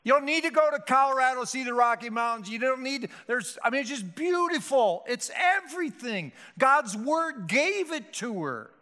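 A man's voice: very high-pitched, lively intonation, moderate pace, hardly any pauses, sharp tone. A male pastor preaching a sermon with emphatic, rhetorical delivery and frequent restarts. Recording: hall reverb.

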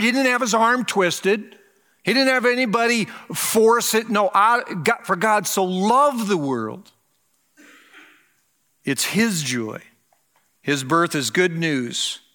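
An older male pastor delivers a Christmas sermon from the pulpit, his voice high-pitched and bright. He preaches earnestly and lets key phrases stretch out slowly. The sound carries a long reverb from the church around him. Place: church sanctuary.

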